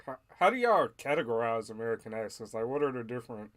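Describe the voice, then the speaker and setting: A man's voice: medium pitch, sing-song, fast, a bit bright, no echo. Curious man, dry close sound. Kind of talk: casual watch-along chat.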